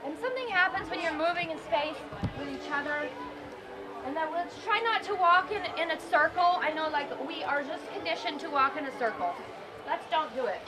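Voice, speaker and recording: A woman leading a group voice and movement warm-up, coaching upbeat and singing vowel examples. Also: high-pitched, expressive, normal speed, very noisy. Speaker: voice and movement workshop leader. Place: festival healing arts workshop. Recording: distant mic, loud music and crowd behind.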